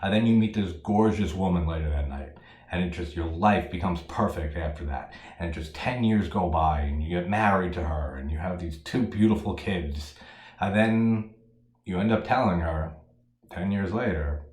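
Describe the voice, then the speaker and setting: A man giving a casual solo movie review, profane and animated, laughing at his own jokes. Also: deep voice, moderate pace, echoey room.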